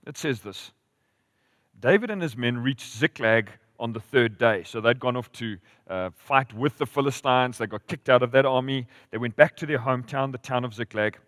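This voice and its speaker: A man preaching a sermon as pastor, telling stories with lively rises and drops in volume. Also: mid-range voice, no room sound, clean studio sound, in a large hall. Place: church hall.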